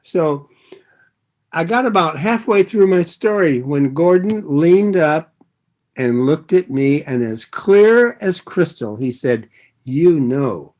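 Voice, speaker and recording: An older man tells his own story at a recovery meeting in a warm-hearted, rambling way. He drifts off track, loses his place and finds it again, and lets a soft chuckle slip between thoughts. His tone stays earnest and sincere. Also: fairly high pitch, animated, slow. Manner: rambling and digressive, loses his thread and circles back. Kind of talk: personal recovery share.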